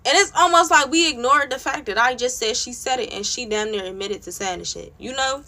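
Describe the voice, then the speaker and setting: Blunt, heated young woman with a bright voice. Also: on the high side, brisk. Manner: blunt, profane, heated retelling with many "like" fillers. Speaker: storytime vlogger. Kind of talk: casual storytime rant.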